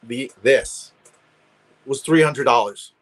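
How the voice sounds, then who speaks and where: A man's voice: medium pitch, slow, a bit bright, poor audio. A man chatting casually over a video call, rambling with many restarts. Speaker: guest collector. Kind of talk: casual chat.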